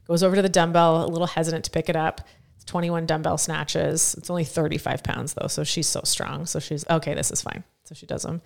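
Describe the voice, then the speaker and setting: A woman co-hosting a casual podcast chat, telling animated stories from her work as a competition judge. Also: low voice, fairly quick, gravelly, few pauses. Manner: animated storyteller who acts out quotes.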